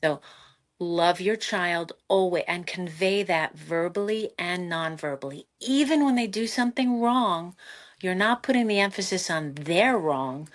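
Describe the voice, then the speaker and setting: A middle-aged woman, a psychotherapist guest on a podcast, giving animated parenting advice with lively asides and laughter. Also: medium pitch. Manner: animated, expressive, laughs often, acts out quotes.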